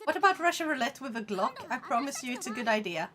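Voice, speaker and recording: A woman's voice: sits high, big pitch swings, fast, a crowd in the background. A woman from Sweden with a Swedish accent, chatting casually on a live stream, reading viewer comments aloud and laughing often.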